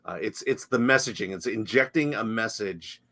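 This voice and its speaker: A man's voice: on the low side, moderate pace, sharp tone. A man co-hosting a live film talk show, making wry remarks and murmuring agreement. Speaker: podcast co-host. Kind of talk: casual chat.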